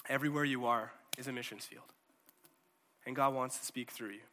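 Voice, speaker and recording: A man preaching a sermon in a conversational, animated way, often checking in with his listeners. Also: medium pitch, a little fast, big-room sound, a little hiss or hum.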